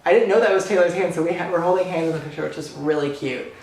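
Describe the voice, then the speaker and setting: A man's voice: fairly high pitch, racing, vocal fry, a little mellow, slight background noise. Gushing young man in an echoey room. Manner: breathless, gushing retelling with many "like"s. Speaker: vlogger. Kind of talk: excited storytime recap.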